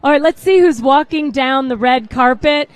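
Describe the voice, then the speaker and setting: Hosting a live red carpet pre-show at a salon event, a woman chats to the camera and gets sidetracked easily. She speaks at a normal speed in a voice that sits high, with no echo.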